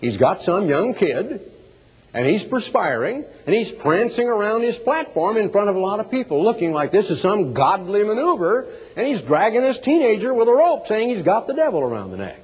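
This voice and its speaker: A middle-aged man preaching a sermon in an animated, sarcastic way, with mocking asides. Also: high-pitched, moderate pace, slightly rough, long reverb tail, low-quality recording.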